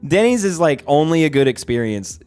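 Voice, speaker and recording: A man streams in a casual chat, his voice on the high side with a darkish tone, big pitch swings, and a fairly quick pace. He rambles, curses, leans heavily on "like," and keeps restarting.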